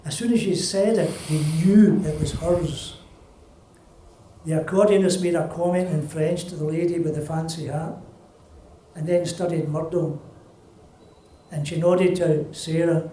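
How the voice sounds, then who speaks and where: An older Scottish man, an author, reading from his novel in a plain, unhurried way at a festival event. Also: a little high, steady tone, warm tone, a little hiss or hum. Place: festival venue. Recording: roomy, distant live reading.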